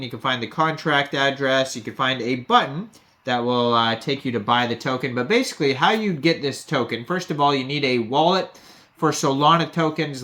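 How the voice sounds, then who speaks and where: A man's voice: a little high, bright, forceful tone. A man hosting a crypto video, casually walking through web pages and reading out figures with frequent "uh" fillers. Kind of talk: casual screen walkthrough narration.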